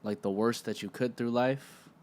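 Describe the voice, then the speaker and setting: A man's voice: mid-range voice, moderate pace, slight background noise. A man in a mid-range voice hosts a casual interview. He sounds laid-back and supportive, using casual slang and cheering his guest on. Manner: relaxed, affirming, slangy, supportive. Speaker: podcast host.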